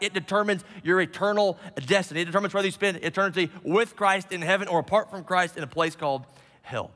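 A man preaching a sermon to his congregation, dropping low and slowing down on key words for emphasis. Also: fairly bright tone. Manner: preaching with dramatic drops in pitch and slowed emphasis. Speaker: pastor. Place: church sanctuary with a live congregation. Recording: long hall reverb.

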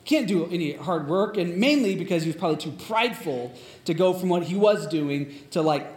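A man's voice: sits high, expressive, brisk, darkish tone. A man preaching a sermon in a casual, conversational way, retelling a story with plenty of fillers. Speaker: pastor. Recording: echoey room.

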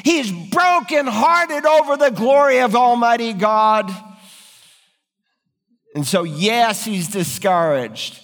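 A man's voice: extremely high pitch, expressive, takes it slowly, a bit bright, in a large hall. A man preaching an earnest, emphatic sermon, acting out biblical quotes with dramatic feeling. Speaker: pastor.

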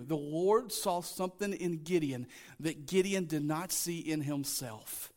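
Man, pastor, emphatic sermon, high-pitched, repeats key lines, calls on the congregation. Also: moderate pace, a little mellow.

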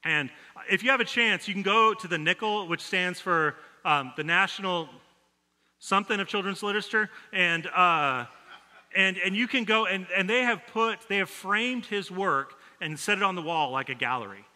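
A man preaching a sermon as pastor, telling a story in a conversational way and dropping his voice soft when he quotes people. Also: sits high, normal speed. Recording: long reverb of a large hall.

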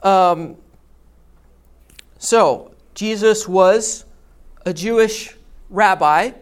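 A pastor preaching a sermon, telling a story and teaching in a deliberate storytelling manner. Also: medium pitch, clear, resonant tone.

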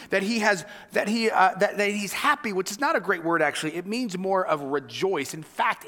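Man, pastor, sermon, high voice, very animated pitch, bright tone, long hall reverb. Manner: earnest, swings between loud emphasis and hushed whispers.

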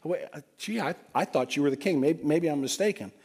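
Man doing a scheming queen, sly, mock-innocent, quiet, needling. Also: a little high, fast talker, breathy edge.

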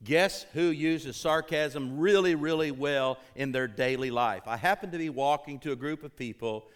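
A man preaching a sermon to his congregation, emphatic, rising to urgent peaks and dropping low, calling out for responses. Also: normal speed, smooth. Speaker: pastor.

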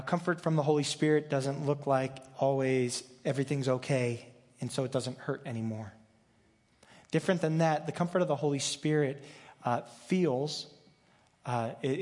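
A man's voice: mid-range voice, a little mellow, in a large hall. A man preaching a sermon as pastor, talking in a conversational, joking way with frequent restarts. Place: church sanctuary.

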